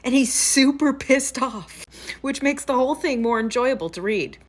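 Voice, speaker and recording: Chatty, excited woman vlogger. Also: high-pitched, moderate pace. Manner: chatty, enthusiastic, profane. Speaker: host. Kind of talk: casual storytelling vlog.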